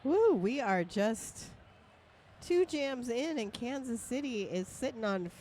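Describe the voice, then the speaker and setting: A woman's voice: fairly high pitch, lively intonation, slow pace, warm tone. A woman announcing a roller derby bout live, giving play-by-play with playful, jokey banter between calls.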